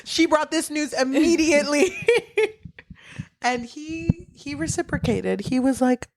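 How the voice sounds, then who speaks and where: A young woman co-hosting a casual book podcast, animated and laughing often as she retells scenes. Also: sits high, a little slow. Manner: animated, laughs often, acts out characters' lines. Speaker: podcast co-host.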